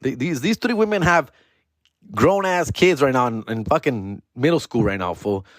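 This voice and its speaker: A man telling a profane comedy story on his podcast, dropping Spanish words and doing other people in high voices. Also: lively intonation, moderate pace, no echo, studio quality. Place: podcast studio.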